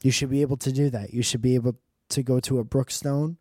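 A man's voice: medium pitch, fairly even intonation, fast, darkish tone, slightly rough, no room sound, clean studio sound. A man doing a rambling, profane comedic monologue with joking asides.

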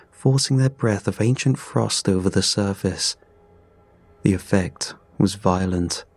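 Male narrator, unhurried and grave, dark tale read over soft music. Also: on the low side, no room sound. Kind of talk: scripted story narration.

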